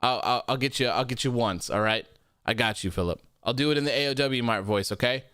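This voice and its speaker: A man's voice: medium pitch, fairly quick, pushed and bright, clean tone, no echo, clean studio sound. A man hosting a wrestling post-show livestream, reading viewer comments aloud in a friendly, upbeat casual chat and thanking viewers often. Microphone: desk microphone.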